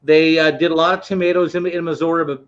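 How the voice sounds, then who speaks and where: A man co-hosting a casual talk show, telling animated road anecdotes over a video call. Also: a little high, fast. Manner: animated anecdote teller, acts out quoted voices. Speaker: podcast co-host. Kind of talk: casual storytelling. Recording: dull lo-fi stream audio.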